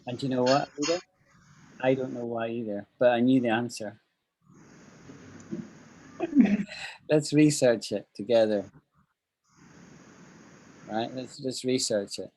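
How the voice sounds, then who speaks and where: Husky-voiced man teaching English online. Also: medium pitch, slow pace, long pauses, warm tone, rough recording. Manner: upbeat, thinks aloud while explaining.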